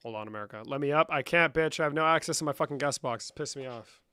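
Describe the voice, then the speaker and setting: Profane young man streaming, smooth voice. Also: fairly high pitch, racing, bright, forceful tone, no room sound. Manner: profane, bantering, answers chat questions aloud; drifts between English and Spanish. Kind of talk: casual live-stream chat.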